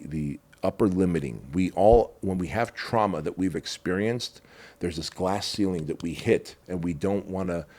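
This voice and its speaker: This is a middle-aged man with a low, deep voice, speaking as a podcast guest. He tells his story with raw, candid emotion, dropping curse words and casual slang as he goes. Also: a little mellow. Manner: raw and emotional, swears, calls the listener bro.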